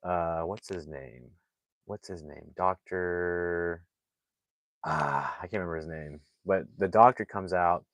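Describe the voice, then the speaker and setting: A man's voice: deep voice, slow, no room sound, rough recording. A man recapping a movie plot in a casual, rambling way, full of "like" fillers and restarts. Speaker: movie reviewer.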